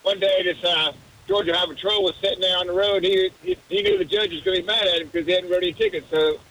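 A male caller with a high-pitched voice tells a long joke on air. He halts and restarts often as he goes. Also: expressive, fairly bright tone, a little hiss or hum, poor audio. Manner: halting, many restarts and fillers. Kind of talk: telling a joke on a call-in show.

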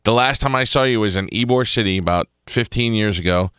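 A man's voice: on the low side, fairly quick, a bit bright, clean tone, no echo, clean studio sound. A man hosting a radio show, teasing his guest in a rambling way with many restarts. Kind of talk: casual radio interview. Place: radio studio. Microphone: studio microphone.

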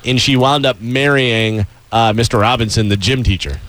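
A man's voice: medium pitch, moderate pace, fairly bright tone, dry recording. A man co-hosting a radio show, telling school stories and cracking jokes. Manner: storytelling, wisecracking. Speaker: radio co-host. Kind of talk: casual radio banter.

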